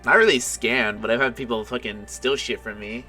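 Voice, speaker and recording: A young man with a bright, forceful voice talks in casual chat, hesitant and full of fillers, with some swearing. Music plays faintly behind him. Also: mid-range voice, steady tone, normal speed. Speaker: podcast co-host.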